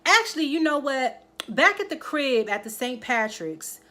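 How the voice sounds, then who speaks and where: A woman with a high voice and measured pace recaps a TV drama episode in casual chat. She tells it in an animated way, acting out the characters' lines and speaking straight to her viewers, often checking in with "okay?" as she reviews the episode.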